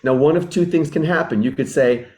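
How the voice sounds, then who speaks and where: A man teaching as a relationship mentor talks fairly quickly in a fairly high voice with a darkish tone. He is earnest and reflective, often restates what he has said, and plays out illustrative dialogues.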